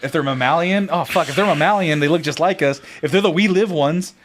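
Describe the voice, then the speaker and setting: A high-pitched young man riffing loosely on a casual podcast, laughing at his own jokes and dropping curse words as he goes. A faint hiss sits under his voice. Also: a little fast. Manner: joking, laughs often, profane. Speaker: podcast co-host. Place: Austin.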